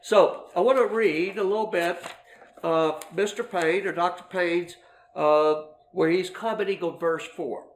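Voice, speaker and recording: A middle-aged man teaching a Bible lesson, explaining slowly with many fillers and restarts. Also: high voice, echoey room.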